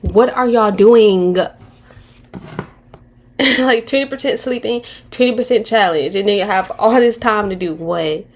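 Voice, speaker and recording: A woman's voice: medium pitch, unhurried, slight background noise. A woman in her twenties giving casual commentary on a reality show, candid and slangy, rambling with restarts and mocking impressions. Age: 20s.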